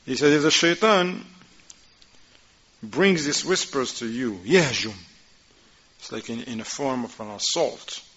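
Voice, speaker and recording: A man teaching a class, reading Arabic passages quickly and then explaining them in informal, conversational English while asking his students questions. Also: mid-range voice, lively intonation, fairly bright tone. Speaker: religious teacher. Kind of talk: class explaining a religious text. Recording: dull lo-fi recording.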